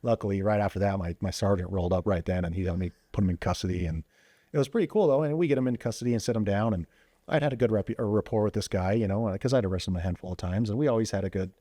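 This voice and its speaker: A man with a low, mellow voice rattles off stories from his old police work at a fast clip. He talks casually, full of "you know" and restarts. The sound is close and dry, like a podcast studio. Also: no echo. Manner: animated, quick storytelling with many fillers and restarts. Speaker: podcast guest, former police officer. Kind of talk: casual storytelling interview.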